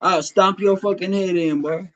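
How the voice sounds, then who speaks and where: A man's voice: sits high, steady tone, moderate pace, fairly bright tone, highs cut off. Profane, combative livestreamer man from Illinois. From Champaign, Illinois, USA. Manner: profane, confrontational, trash-talking. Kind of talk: heated livestream argument.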